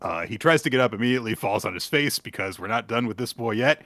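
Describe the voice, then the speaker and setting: A young adult man hosting a casual manga recap podcast, profane and quick to laugh. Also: mid-range voice, expressive, fairly bright tone, no room sound. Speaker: podcast host.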